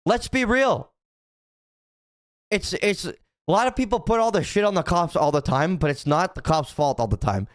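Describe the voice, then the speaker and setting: A man's voice: fairly high pitch, animated, fairly quick, no echo, studio quality. A young man streaming, chatting casually to his chat, rambling and swearing, with lots of restarts and repeated "right?".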